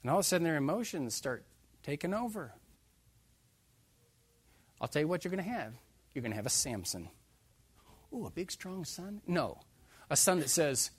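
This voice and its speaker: A man preaching a sermon, emphatic and animated, joking with his listeners. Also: on the high side, normal speed, long pauses, breathy edge, no room sound. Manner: emphatic, animated, jokes with the congregation.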